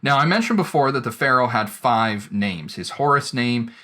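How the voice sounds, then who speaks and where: A man's voice: mid-range voice, lively intonation, normal speed, bright, forceful tone. A man giving a recorded lecture, explaining step by step with frequent "right?" check-ins. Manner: explanatory, with verbal restarts and tag questions.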